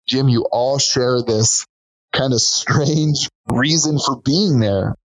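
A middle-aged man speaking as a podcast guest, his voice at an ordinary pitch. He tells his story earnestly and plainly, in a relaxed conversational flow. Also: takes it slowly, rough recording. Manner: earnest, storytelling, acts out quotes of others. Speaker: podcast guest, boxing gym owner.

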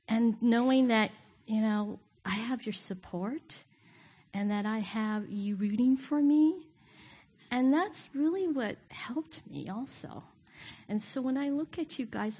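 A woman's voice: fairly high pitch, husky. Woman preaching with a laugh. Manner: warm, self-deprecating, laughs often. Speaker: guest preacher. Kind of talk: sermon. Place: church sanctuary.

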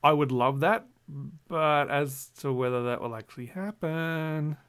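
A man's voice: a little high, unhurried, a bit bright, smooth, no room sound. A man co-hosting a casual podcast, giving brief dry replies and wry jokes. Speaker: podcast co-host. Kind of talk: casual comic podcast chat.

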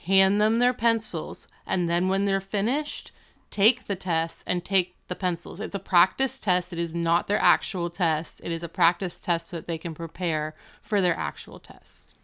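A woman's voice: on the low side, moderate pace, clear, resonant tone. A woman co-hosting a casual podcast, recapping a TV episode and acting out the characters' lines. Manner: animated, retells scenes and acts out the characters' lines. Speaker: podcast co-host.

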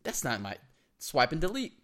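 A man's voice: a little high, huge pitch swings, moderate pace, a bit bright. A young man co-hosting a casual comedic chat, joking and acting out text messages in quoted voices. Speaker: co-host. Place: indoor room with laptop.

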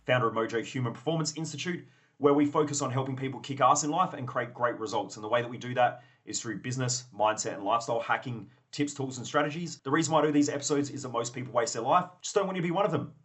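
A man's voice: medium pitch, fast talker, fairly bright tone. A man hosting a motivational podcast, blunt and profane, acting out both sides of imagined conversations. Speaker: podcast host.

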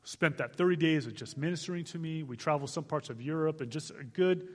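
A man in his forties from Arizona, a guest missionary speaker giving an animated testimony to a church, laughing as he tells it. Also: a little high, fast, in a large hall. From Arizona, United States. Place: church sanctuary.

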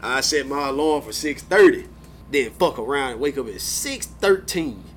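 A man's voice: medium pitch, expressive, moderate pace, slight background noise. A young man co-hosting a casual chat, laid-back, swearing freely and acting out groggy mornings. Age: young adult. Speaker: podcast co-host.

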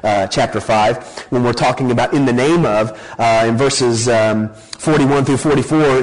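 A man preaching a sermon, teaching through a chapter with lively emphasis, rhetorical questions and light joking asides. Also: on the high side, rough recording. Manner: animated, rising emphasis with frequent rhetorical okays and light joking. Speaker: pastor.

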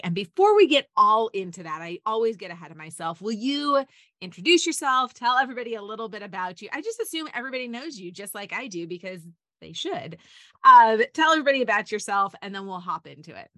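Brief: middle-aged woman, podcast host, bright voice, dry close sound, chatty and eager. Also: mid-range voice, very animated, brisk, dry recording. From United States. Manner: chatty, rambling, enthusiastic. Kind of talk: upbeat faith-based podcast chat.

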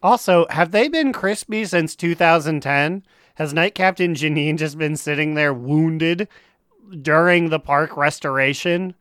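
A man co-hosting a podcast in casual chat, making wry, quick jokey asides. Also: a little high, a bit bright, clear, resonant tone, no echo, studio quality. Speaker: podcast co-host.

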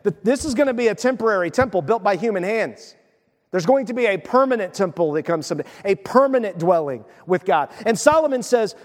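A man's voice: sits high, lively intonation, brisk, big-room sound. A man preaching a sermon as pastor, emphatic and asking his listeners questions. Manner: emphatic, asks the crowd questions.

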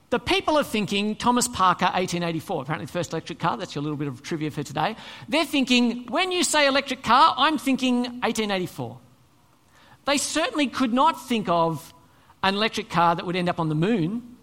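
A male pastor preaching a sermon, conversational and animated, asking the congregation rhetorical questions. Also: high-pitched, fast, long reverb tail. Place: church hall.

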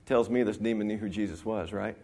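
A man's voice: fairly low pitch, steady tone, a little fast, dark tone. A middle-aged man from the Texas Panhandle, a pastor preaching a sermon in a folksy storytelling way, now and then acting out other people's voices.

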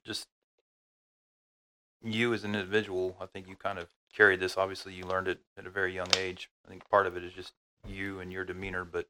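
A man in casual conversation, talking in a measured, reflective way as host. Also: low voice, sharp tone, rough recording.

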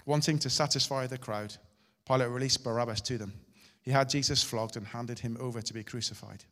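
Male pastor, sermon, dramatic swings from forceful to hushed, long hall reverb. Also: medium pitch, brisk. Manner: dramatic, shifting loud and soft.

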